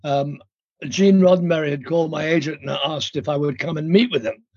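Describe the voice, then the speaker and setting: An older Indian man, a guest actor, tells stories over a remote call line in a casual interview, rambling and hesitating with lots of ums and restarts. His voice is fairly high and fairly quick with a darkish tone, and the recording is dry with the highs cut off.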